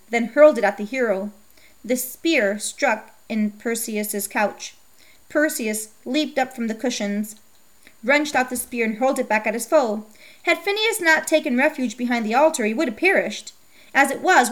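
Woman reading a storybook, fairly high voice. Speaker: narrator.

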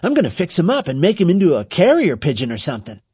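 A man voicing a gentle young boy who coaxes a hurt bird in a soft, raised voice for a storybook reading. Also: a little high, wildly swooping pitch, quick pace, slightly rough, dry recording, clean studio sound, pitched above the performer's own voice, exaggerated voice. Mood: eager. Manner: soft, coaxing.

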